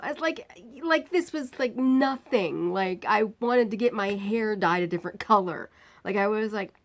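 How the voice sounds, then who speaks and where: A woman's voice: medium pitch, moderate pace. Woman animatedly retelling a hospital ordeal. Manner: animated retelling, acting out quoted lines. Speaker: vlogger. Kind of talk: personal storytelling vlog.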